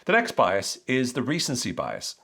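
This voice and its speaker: Lively man explaining to listeners. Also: medium pitch, moderate pace, gravelly. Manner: conversational, animated, asks rhetorical questions. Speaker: podcast host. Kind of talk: explanatory educational talk.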